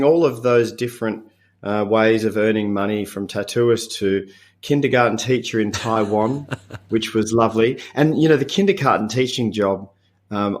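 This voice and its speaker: A man in his fifties with an Australian accent, a podcast guest talking in a relaxed, reflective way with frequent chuckles and halting restarts. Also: on the low side. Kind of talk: casual interview chat.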